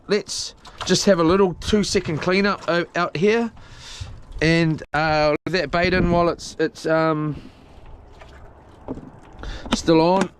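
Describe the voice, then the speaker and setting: Rambling guy, slow and swearing. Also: fairly high pitch, slight background noise. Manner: rambling, talks to himself, swears often. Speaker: solo boat vlogger. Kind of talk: casual live-stream chat while tidying a boat. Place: small houseboat on the water.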